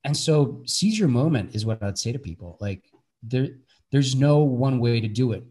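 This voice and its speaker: Earnest Bulgarian-born actor, chatty guest. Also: male voice, medium pitch, animated, moderate pace, dark tone, breathy edge. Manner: earnest, many restarts and fillers. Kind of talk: casual interview chat.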